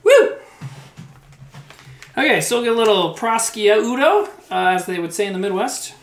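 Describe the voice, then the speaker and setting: A man's voice: sits high, fast talker, a bit bright. A man streaming live while cooking in his home kitchen, rambling, swearing now and then, and chatting with his viewers. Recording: roomy kitchen with faint background noise.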